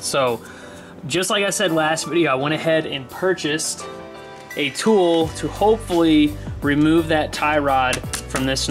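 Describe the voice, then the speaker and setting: A man vlogging from his garage workshop, talking straight to viewers in an exasperated, casual way. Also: fairly high pitch. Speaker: car project vlogger.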